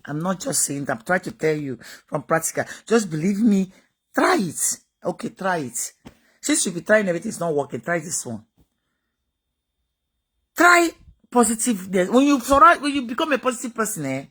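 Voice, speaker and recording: A woman's voice: mid-range voice, very animated, a little fast, fairly bright tone, slightly rough. A woman giving a motivational talk, emphatic and repetitive, full of rhetorical questions. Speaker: motivational speaker.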